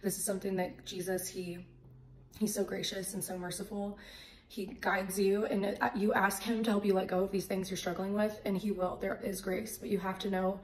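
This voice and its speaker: A woman's voice: mid-range voice, moderate pace, a little hiss or hum. Woman telling a faith story in an echoey room. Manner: animated storyteller who acts out the voices in her stories. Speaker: faith vlogger. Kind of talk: casual faith testimony.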